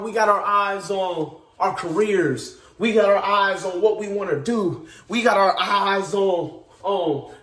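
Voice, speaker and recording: Earnest preaching man, high voice. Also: fairly bright tone, roomy sound. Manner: earnest, repetitive and emphatic, with frequent restarts. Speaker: speaker giving a devotional message. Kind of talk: informal preaching.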